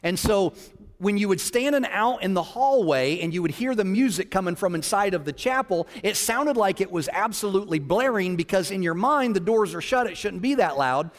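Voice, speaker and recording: A man preaching a personal story to a congregation, animated and acting out what people said. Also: brisk, long reverb tail. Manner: animated, acts out quotes with big pitch swings. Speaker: children's ministry leader. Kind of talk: sermon storytelling.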